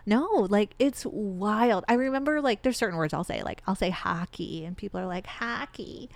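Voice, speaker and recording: A woman's voice: mid-range voice, expressive, a little fast, darkish tone, no room sound. A woman in her thirties with a light Midwest American accent, telling stories in casual podcast chat and laughing often. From Michigan. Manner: chatty, laughs often, repeats words with 'like'. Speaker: podcast co-host.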